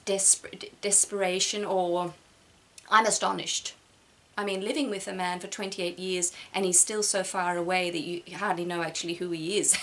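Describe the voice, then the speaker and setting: A middle-aged woman sharing a personal reflection in a halting way, with many restarts, close to tears. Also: medium pitch, fairly bright tone. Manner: halting, repeats words, emotional. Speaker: vlogger.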